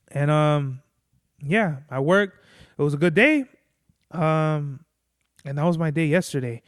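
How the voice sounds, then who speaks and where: Podcast host, male, loose rambling monologue, slightly high and crisp, dry close sound. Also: a little slow, pauses often, dry recording. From Mexican-American family. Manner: rambling, profane, lots of "like" and "bro". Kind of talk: casual solo monologue.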